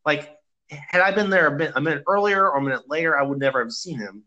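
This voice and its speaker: A man's voice: fairly high pitch, fast talker, muffled recording, a crowd in the background. A man in casual chat, rambling through an anecdote with many restarts.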